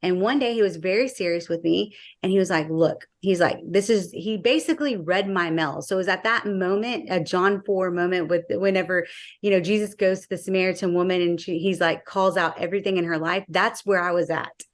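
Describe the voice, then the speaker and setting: A woman's voice: lowish voice, a little fast. A woman sharing her personal faith testimony in a casual interview, acting out the dialogue she recalls and using frequent fillers.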